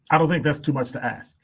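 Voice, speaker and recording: A man's voice: fairly high pitch, slightly rough. Blunt male commentator firing rhetorical questions. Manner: emphatic, piles up rhetorical questions; blunt, wry asides and chuckles. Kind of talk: opinion commentary.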